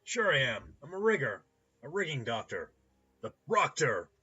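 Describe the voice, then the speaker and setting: A man voicing a hungover, cheerful male cyber-doctor with a loose Midwestern accent, shouting and joking. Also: mid-range voice, very animated, moderate pace, breathy edge, dull audio, pitched above the performer's own voice, exaggerated voice. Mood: boisterous. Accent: loose Midwestern American. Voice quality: shouty, boisterous, jokey.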